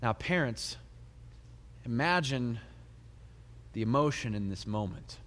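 Preaching slowly in a big hall, a middle-aged pastor delivers his sermon with a long, ringing reverb. His storytelling is animated, with wide pitch swings and quiet laughs between lines.

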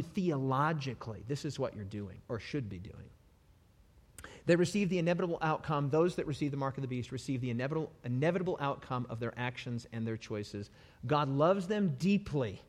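Impassioned preacher in a reverberant hall. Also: male voice, mid-range voice. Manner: impassioned, swinging between soft pleading and loud emphasis. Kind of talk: sermon.

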